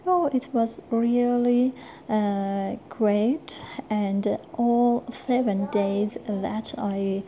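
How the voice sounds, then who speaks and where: A woman's voice: medium pitch, dull audio, a little hiss or hum. A woman reading a man back from vacation. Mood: cheerful. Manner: halting, telling a story.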